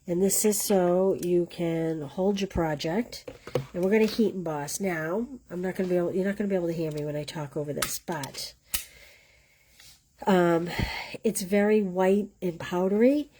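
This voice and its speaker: A woman's voice: fairly low pitch, normal speed, warm tone, slight background noise. A woman with a Boston accent hosting a live card-stamping class, chatting and teasing herself while she explains each step. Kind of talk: live craft demonstration.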